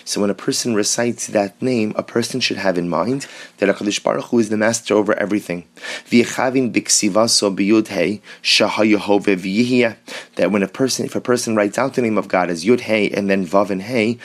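Man, Torah teacher, lowish voice, slow readings, English explanations. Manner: reads Hebrew passages slowly, then explains in English.

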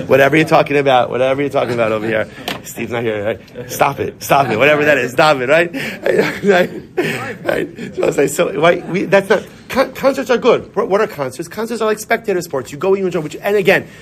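Animated man teaching in shul. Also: fairly high pitch. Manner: animated, repetitive, mixes Hebrew and Yiddish terms. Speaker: rabbi. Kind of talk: informal Torah class.

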